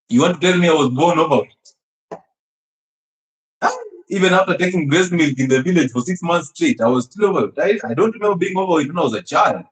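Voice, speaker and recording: A man giving an animated health talk, emphatic and teasing, often laughing and throwing rhetorical questions at his listeners. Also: fairly high pitch, fairly quick, pauses often. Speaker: health speaker. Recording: echoey room.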